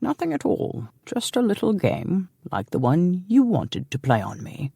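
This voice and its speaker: A man voicing a sly, teasing English nobleman with a deep voice. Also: wildly swooping pitch, measured pace, vocal fry, warm tone, breathy edge, no room sound, clean studio sound, full character voice. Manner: mocking, playful.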